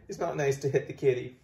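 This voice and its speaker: A man's voice: mid-range voice, vocal fry, dark tone, dull audio. A tired young man from Ontario with a Canadian accent, rambling profanely in a casual vlog. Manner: profane, rambling, swings between outbursts and mumbling. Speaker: vlogger. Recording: echoey room.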